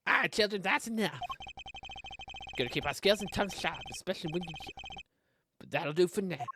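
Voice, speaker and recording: A man's voice: lively intonation, background noise. A man putting on a doddering grandfatherly old man. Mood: jovial. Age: older. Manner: grandfatherly, sentimental, slower and lower. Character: genial elderly man, former chief prosecutor. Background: game music.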